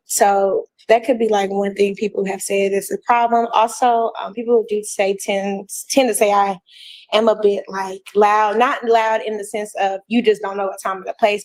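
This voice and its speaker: A woman on a dating show, talking casually and rambling on about herself. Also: mid-range voice. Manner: rambling, chatty. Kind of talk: casual talk.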